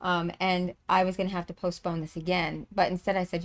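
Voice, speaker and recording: A woman's voice: on the low side, little pitch movement, a little fast, few pauses. Chatty woman hosting a live stream. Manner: rambling, many fillers and restarts. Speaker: livestream host and tour organizer. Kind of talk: casual live-stream chat.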